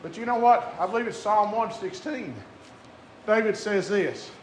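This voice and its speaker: A man preaching a sermon, moving between quiet conversational asides and drawn-out shouted climaxes. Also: sits high. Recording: echoey room with faint crowd and noise.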